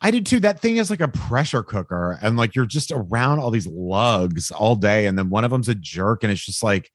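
A man's voice: on the low side, very animated, moderate pace, no room sound. A man who is a guest on a comedy podcast, chatting with emphatic, enthusiastic agreement. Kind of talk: casual comedic chat.

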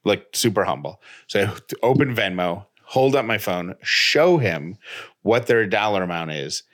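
Man co-host telling a story, low voice. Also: a little slow. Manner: animated, retells with quoted dialogue. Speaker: podcast co-host. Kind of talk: casual storytelling chat.

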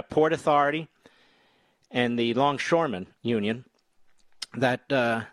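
A middle-aged man hosts talk radio with a sarcastic edge, reading articles aloud and breaking in with his own jabs. His pitch sits in the middle of the range. The sound is dry and close, with no room around it. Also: a bit bright, no room sound. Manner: sarcastic, reads articles aloud with running commentary; mocks people with high, squeaky put-on voices. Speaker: radio talk show host.

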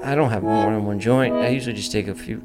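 A man's voice: on the low side, quick pace, over loud music. A man hosting a podcast in casual chat, brash and boastful, swearing freely as he talks. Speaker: podcast host.

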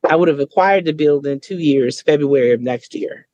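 A woman speaking as a podcast guest, telling stories in a lively way and acting out other people's voices. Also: moderate pace, dull audio. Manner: lively, acts out quoted voices with big pitch jumps. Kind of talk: conversational storytelling.

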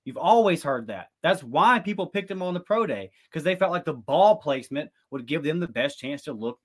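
A man co-hosts a sports talk show, laying out his argument earnestly and pushing back with rapid runs of words. His voice sits on the higher side for a man. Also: expressive, husky. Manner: earnest, argumentative, quick bursts. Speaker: podcast co-host.

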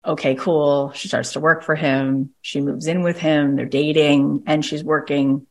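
A woman coach telling a story on a recorded call, her voice a touch low and swinging widely in pitch. She is animated and acts out the people she quotes, speeding up and slowing down for effect. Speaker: coach and podcast host.

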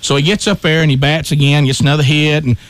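Animated man telling a story. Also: fairly high pitch, quick pace, no room sound. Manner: animated storyteller, acts out his own shouts. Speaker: radio show host. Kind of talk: storytelling on a talk radio show.

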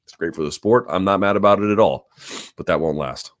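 A man hosting a live chat about a combat sport, reading viewer questions aloud and answering at length with many ums and restarts. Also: deep voice. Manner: talks quickly and hedges, lots of ums and restarts. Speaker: host.

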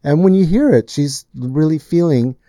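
A man's voice: on the high side, normal speed, no room sound. A man who produces music, telling a studio story in casual chat and acting out the lines he quotes. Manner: animated storyteller, acts out quotes.

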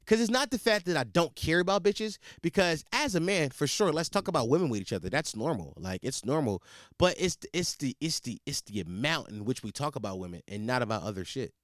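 A man's voice: medium pitch, animated, brisk, dry recording, studio quality. A man hosting a podcast, ranting in a profane, comedic monologue with frequent restarts. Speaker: podcast host.

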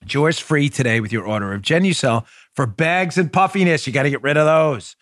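A man hosting a political talk podcast, talking in an animated, joking monologue that slides into mock pleading. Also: a little high, a little fast, no room sound, clean studio sound. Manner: excitable, mock-pleading, jokey. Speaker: political talk show host.

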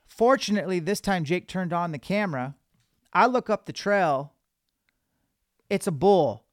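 A man hosting a podcast, telling a hunting story in an animated, casual way. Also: sits high, a little slow, dry recording, clean studio sound. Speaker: podcast host.

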